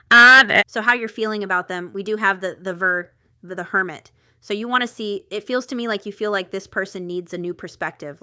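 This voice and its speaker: A woman giving a casual tarot reading, chatty and excitable, thinking aloud with lots of fillers. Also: mid-range voice, clear, resonant tone, dry recording, studio quality. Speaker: tarot reader.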